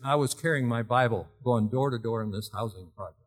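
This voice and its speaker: A man's voice: medium pitch, a little fast. A middle-aged man preaching a storytelling sermon in a folksy way, quizzing his congregation as he goes. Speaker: pastor.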